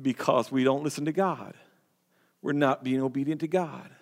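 A man's voice: mid-range voice, fairly even intonation, moderate pace, creaky. A man preaching a sermon as pastor, earnest and emphatic, often restarting words and phrases. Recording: long hall reverb.

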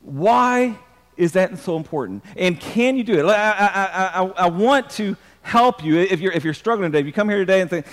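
A pastor delivers an emphatic sermon, often repeating words and calling on the congregation to answer back. His voice sits high for a man. The sound rings with the long reverb of a church hall. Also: lively intonation, normal speed.

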